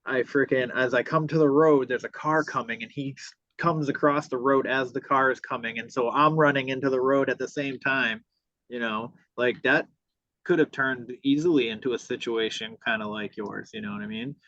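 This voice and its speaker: A man's voice: medium pitch, normal speed, a bit bright, no echo. Profane man telling a story, dull sound. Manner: profane, re-enacts dialogue. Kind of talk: casual storytelling.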